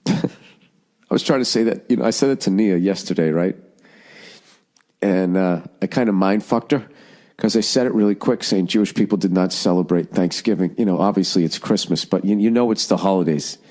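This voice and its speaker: A man's voice: moderate pace, darkish tone. A middle-aged man hosting a podcast, rambling casually with lots of swearing and sarcastic rants. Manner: profane, ranting, sarcastic, jumps into high mocking voices. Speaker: podcast host.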